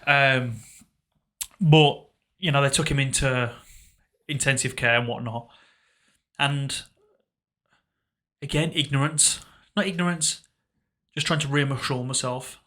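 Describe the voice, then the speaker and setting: A young man on a podcast, recounting a painful memory in a halting, reflective way, often trailing off quietly. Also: medium pitch, fairly even intonation. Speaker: podcast co-host. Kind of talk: casual emotional conversation.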